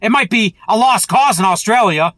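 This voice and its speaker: A man's voice: high voice, moderate pace, fairly bright tone, no room sound. A man delivering an angry, profane political rant as a vlogger, heated and repetitive.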